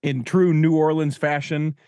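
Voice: medium pitch, steady tone, measured pace, a little mellow, clean tone. A co-host chatting casually and joking, at times humming a tune in nonsense syllables. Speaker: podcast co-host. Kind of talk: casual chat.

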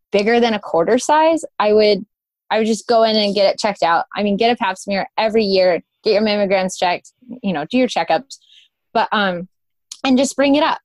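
A woman's voice: mid-range voice, no room sound. Chatty woman guest, dry close sound. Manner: chatty and informal, full of "like" and "um". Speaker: podcast guest. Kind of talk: casual conversational interview.

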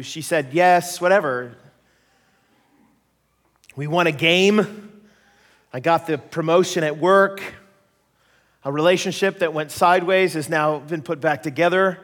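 A middle-aged man gives a sermon and tells stories from his own life, acting out each voice he quotes. His voice sits a little high for a man. A long reverb trails behind every phrase, the sound of a large hall. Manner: animated, laughing storyteller who acts out quoted voices. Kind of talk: sermon storytelling.

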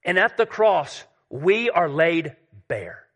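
A man preaching a sermon, emphatic and repetitive, dropping to a hush at key points. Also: on the high side, sing-song, slow.

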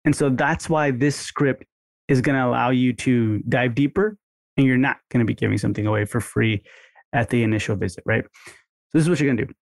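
An energetic man coaches his listeners through a walkthrough, now and then jumping up into bright voices to act out sample phone calls. His voice sits at an ordinary middle pitch. The sound is dry and close. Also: brisk, vocal fry, no echo. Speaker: marketing instructor. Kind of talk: coaching lesson with screen walkthrough.

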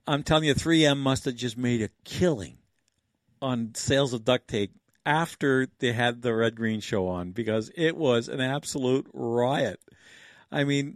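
An older man in his sixties hosts a livestream in a loose, rambling way, often chuckling and talking through what he is doing. His voice sits at an ordinary middle pitch, and the sound is close and dry with no room echo. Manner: rambling, chuckling, thinks aloud. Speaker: livestream host. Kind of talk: casual livestream chat.

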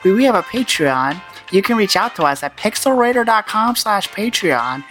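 A man's voice: sits high, very animated, moderate pace, pushed and bright, faint music behind. A man co-hosting a gaming podcast in a casual, joking way, plugging the show's links. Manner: joking, casual, plugs the show. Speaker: podcast co-host.

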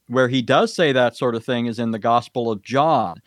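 A man's voice: medium pitch, moderate pace, dry recording. A man answering questions in a formal debate, precise and lecturing, citing verses and Greek grammar. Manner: precise, lecturing, cites scripture references.

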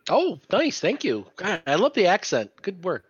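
A man's voice: high voice, huge pitch swings, normal speed, slightly rough, no room sound. A man playing in a tabletop game, joking and bantering casually with friends. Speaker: player. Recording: dull lo-fi audio.

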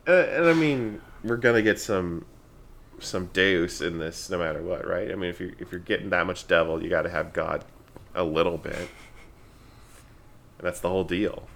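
A man with a very deep voice chats loosely about a movie, throwing in questions and jokes. A faint hiss sits under the recording. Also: moderate pace, vocal fry, fairly bright tone. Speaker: podcast co-host. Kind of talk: casual film discussion.

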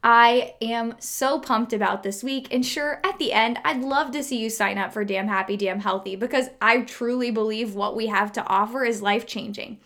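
A woman's voice: a little high, moderate pace, hardly any pauses, a bit bright. A woman hosting a fitness podcast, talking upbeat and enthusiastic straight to her listeners. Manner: upbeat, enthusiastic, direct address. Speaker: podcast host. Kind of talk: podcast interview and ad read.

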